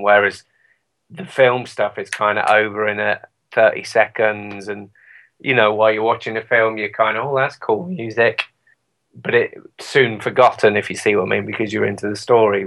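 Chatty British man, slightly low voice. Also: fairly bright tone, low-quality recording. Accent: British English. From Britain. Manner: chatty, rambling, self-deprecating, many fillers. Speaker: guest musician. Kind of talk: casual interview chat.

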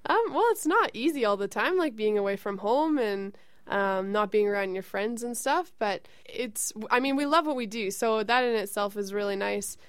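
A woman's voice: medium pitch, normal speed, clean tone, no room sound. A woman from Canada, a singer-songwriter, talking in a friendly, casual studio interview. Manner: friendly, with frequent fillers and laughs. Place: radio studio.

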